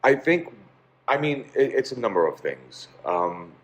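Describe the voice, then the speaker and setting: A man's voice: mid-range voice, sing-song, a little slow. A man, a pizzeria owner, telling stories in a casual interview, rambling with many fillers.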